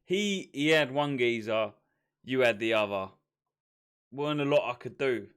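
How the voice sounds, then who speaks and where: A man from jumps into a casual live-stream chat, his voice swinging widely in pitch. He keeps interjecting, correcting the story and defending his part in it. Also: lively intonation, a little slow, a bit bright, clear, resonant tone.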